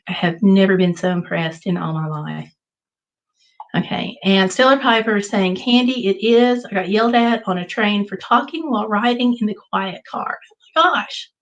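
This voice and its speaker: A woman hosting a casual livestream, telling a travel story in an animated way and reading viewer comments aloud. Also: mid-range voice, highs cut off. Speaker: livestream host. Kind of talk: casual live chat.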